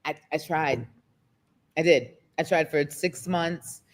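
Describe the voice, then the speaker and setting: Emotional woman guest. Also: low voice. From United States. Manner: emotional, expressive, quick shifts in pace. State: near tears. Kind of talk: candid interview conversation.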